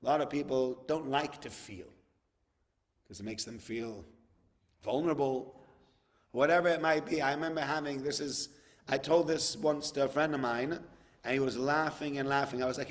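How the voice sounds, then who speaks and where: Male rabbi, casual sermon, reenacts dialogues, slightly high voice, echoing hall. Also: normal speed. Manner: conversational, acts out dialogues, repeats words for emphasis.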